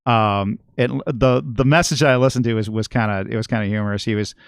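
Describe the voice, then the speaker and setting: Talking fast in a smooth, steady voice on the low side, a middle-aged man tells a long, rambling podcast story and swears nonstop. He's a guest musician and regular, heard in a dry, studio-quality recording.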